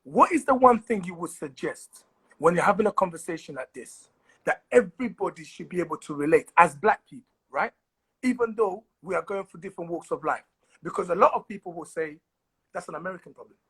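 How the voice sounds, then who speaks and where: Fast-talking high-voiced male host. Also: expressive, a bit bright, husky. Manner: eager, quick-firing affirmations. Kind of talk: casual conversation.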